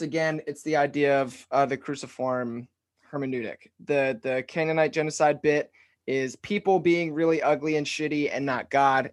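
A man hosting a casual interview, relaxed, summarizing the guest's ideas back with filler words. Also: medium pitch. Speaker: podcast host.

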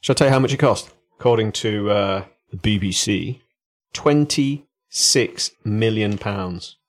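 A man's voice: on the low side, a little slow. Dry, teasing man. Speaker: podcast co-host. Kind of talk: casual chat.

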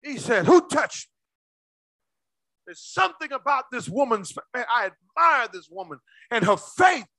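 A male pastor preaching a sermon with call-and-response, swinging between shouts and low asides. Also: big pitch swings, moderate pace, no room sound.

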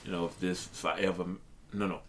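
A man with a very low, deep voice talks earnestly about pushing himself as an aspiring comedian. His delivery is motivational and keeps building with "let me tell you." A faint hiss of noise sits under the recording. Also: level tone, fast talker, a bit bright. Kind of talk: casual podcast chat.

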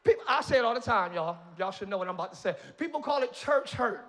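A man preaching a sermon as pastor, moving between quiet asides and loud, rising shouts, with playful jokes to the congregation. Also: extremely high pitch, lively intonation, fast. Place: church sanctuary.

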